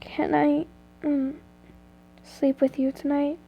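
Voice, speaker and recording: A woman's voice: fairly high pitch, level tone, takes it slowly, highs cut off. A woman playing a teary, stammering young woman. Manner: shaky, stammering through tears. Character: tearful frightened young woman.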